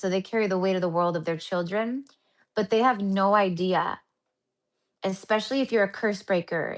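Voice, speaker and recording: A woman chats her way through a spiritual healing livestream. She rambles, restarts her sentences and leans on fillers, and she keeps calling her viewers honey and my love. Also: mid-range voice. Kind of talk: casual livestream chat to viewers.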